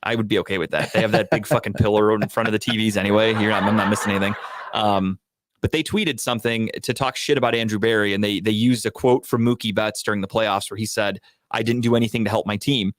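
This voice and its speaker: A man co-hosting a casual sports podcast, going on heated, profane rants that climb toward shouting. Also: on the low side, fairly even intonation, quick pace. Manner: heated, profane ranting, rising to near-shouting. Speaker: podcast co-host.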